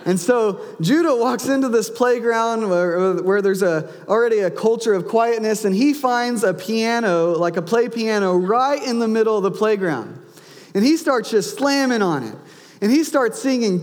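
A man's voice: high voice, animated, normal speed. A man in his thirties, a pastor preaching a sermon, telling a personal story and acting out his son's lines and his own. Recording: long hall reverb.

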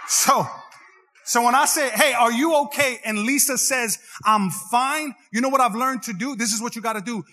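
A man's voice: very high voice, brisk, pushed and bright, soft background music. A man preaching a sermon, joking with the crowd and swinging into singsong rises. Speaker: pastor. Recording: long hall reverb.

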